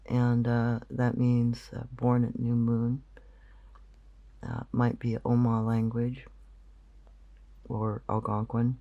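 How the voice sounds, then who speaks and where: A man's voice: medium pitch, completely flat delivery, takes it slowly, gravelly, long pauses, warm tone, lo-fi sound. A man explaining a recording in casual commentary, rambling and thinking aloud with many fillers. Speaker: channel host.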